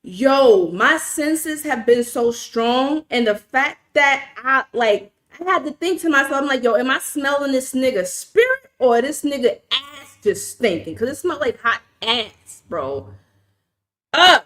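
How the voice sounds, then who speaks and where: A woman with a New York accent hosts a casual livestream, swearing freely and stressing her words as she tells a story. Her voice sits a little high for a woman, and she keeps turning aside to answer her chat. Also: unhurried. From New York City. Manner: animated, profane, emphatic, talks to chat. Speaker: livestream host.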